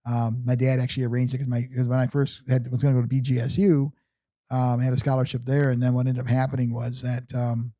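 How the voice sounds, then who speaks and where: A man's voice: medium pitch, completely flat delivery, fast, warm tone, no echo. A man in his fifties, a guest telling his life story in an interview, rambling with many fillers and restarts.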